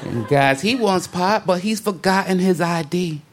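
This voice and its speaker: A man doing a stand-up comedy set, telling his story in a laid-back way with sudden high-pitched outbursts. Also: a little slow. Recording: live comedy club with crowd laughter and noise.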